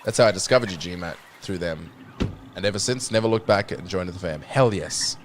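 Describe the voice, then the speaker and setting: Over a noisy background and music, a British man with a low-pitched voice talks fairly quickly. He casually commentates on the game he's streaming, cursing and joking as he reads the chat aloud.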